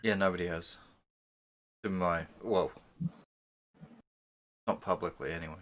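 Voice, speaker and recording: A man's voice: sits low, steady tone, measured pace, a bit bright, a little hiss or hum. A man hosting a casual chat show, joking, boasting and swearing freely. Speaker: podcast host.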